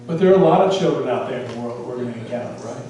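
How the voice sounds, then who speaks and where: A man's voice: mid-range voice, lively intonation, rapid-fire, dark tone, a little hiss or hum. A male pastor preaching a sermon, telling a story and putting questions to the congregation. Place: church sanctuary. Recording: echoey church hall, from far off.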